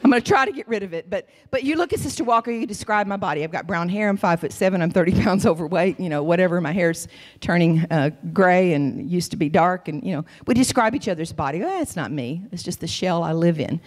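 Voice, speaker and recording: A woman in her fifties giving a folksy, animated sermon as a guest church speaker, calling listeners honey. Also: fairly low pitch, fast talker, hardly any pauses, in a large hall. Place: church sanctuary.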